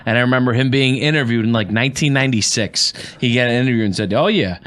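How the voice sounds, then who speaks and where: A man's voice: medium pitch, fast talker, fairly bright tone. Blunt, opinionated man talking football. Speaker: guest co-host. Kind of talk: casual sports chat.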